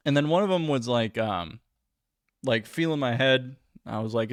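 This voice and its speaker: Chatting loosely on his livestream, a young host rambles, pads his speech with fillers and turns jokes on himself. He speaks in a mid-range voice at a moderate pace, recorded dry at studio quality.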